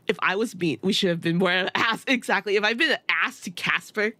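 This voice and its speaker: A woman's voice: mid-range voice, a little fast, few pauses, sharp tone, no echo. A young woman streamer giving casual let's-play commentary, blunt and rambling, swearing and laughing often.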